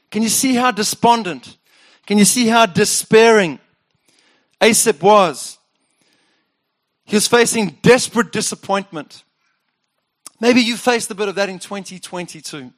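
A man preaching a sermon as the pastor, speaking earnestly and personally, and slowing down when he reads scripture aloud. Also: sits high.

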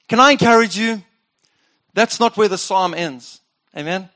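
Guy pastor preaching, pretty high voice, earnest, slows way down on the scripture bits. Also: fairly bright tone. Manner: earnest and personal, slowing down to read scripture aloud. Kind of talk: sermon.

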